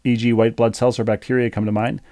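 A man's voice: medium pitch, level tone, fast talker, a little mellow, dry recording. A middle-aged man co-hosting a podcast, chatting casually and reading a listener's email aloud in a dry, wordy, playful way. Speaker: podcast co-host.

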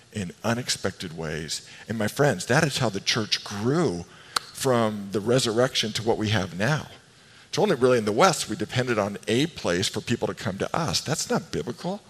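A male pastor giving an animated, emphatic sermon with playful asides. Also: mid-range voice, breathy edge. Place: church sanctuary. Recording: long reverb of a large hall.

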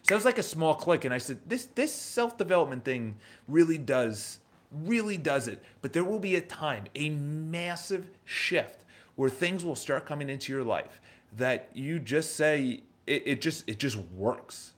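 A man's voice: on the high side, lively intonation, measured pace. A man in his thirties with a New York accent, hosting a casual motivational livestream, emphatic and repetitive, with a lot of rhetorical questions. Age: 30s. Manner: emphatic, repeats himself, asks rhetorical questions. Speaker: livestream host.

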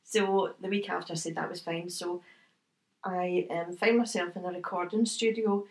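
A middle-aged Scottish woman chats through her stories in a relaxed interview. She is a medium by trade. She tells her tales with energy, often putting on the voices of the people in them and breaking into laughter. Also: lowish voice, moderate pace. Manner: chatty, animated anecdotes with quoted voices and laughter. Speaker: guest, medium. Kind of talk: casual interview storytelling.

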